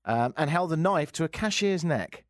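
A man from England hosts a comedic radio show, sarcastic and quick to laugh at his own jokes. His pitch swings widely as he talks. The sound is close and dry, with no room around it. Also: lively intonation, no echo. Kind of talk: comedic talk radio banter. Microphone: studio microphone.

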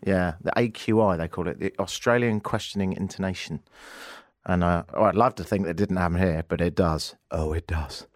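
A man's voice: deep voice, normal speed, no room sound, studio quality. A man hosting a live radio show, chatting casually in a jokey, teasing way and laughing often. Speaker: radio host. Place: radio studio. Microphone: studio microphone.

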